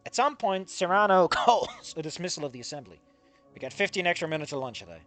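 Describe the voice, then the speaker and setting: Male fic reader, high and lively, irreverent comedic commentary between passages. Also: soft background music. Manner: animated, swears freely, quick to laugh at the text. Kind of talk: dramatic reading with comedic asides.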